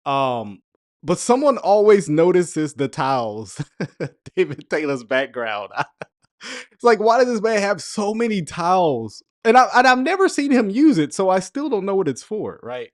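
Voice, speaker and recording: Woman, commentary host, laughing, lively pitch, dry close sound. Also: measured pace, no room sound. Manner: laughing, amused, chatty. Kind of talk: reaction commentary.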